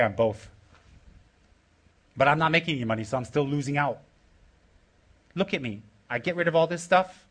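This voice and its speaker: A man's voice: fairly high pitch, fairly bright tone. A middle-aged man giving an informal Dharma talk as a Buddhist teacher, teasing and jokey in blunt short phrases.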